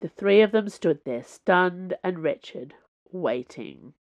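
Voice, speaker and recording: A woman author reading her fiction aloud as a podcast host, in measured storytelling. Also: lowish voice, expressive, darkish tone, dull audio. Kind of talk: audiobook narration.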